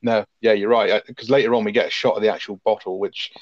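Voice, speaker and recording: A man's voice: on the low side, no room sound, muffled recording. A man, co-hosting a casual film review chat and swearing freely as he talks. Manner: sweary, animated, quick-talking. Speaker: podcast co-host.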